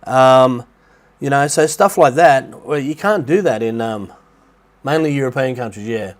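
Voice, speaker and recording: This middle-aged Australian streamer talks at a measured pace in a medium-pitched voice, his blocked nose lending a nasal sound. He's in a rented apartment close to the beach in Thailand, rambling casually and welcoming viewers by name.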